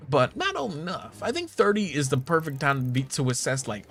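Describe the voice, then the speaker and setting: Playful, lively young male streamer. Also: a little high, fast talker, few pauses, soft background music. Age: 20s. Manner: playful, joking, laughs often, swears casually. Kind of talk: casual gaming stream chat.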